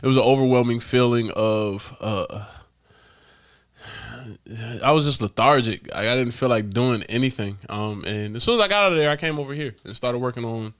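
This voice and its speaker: A podcast host with a mid-range, slightly bright, clean voice talks at normal speed. He tells stories casually, laughing often and swearing freely.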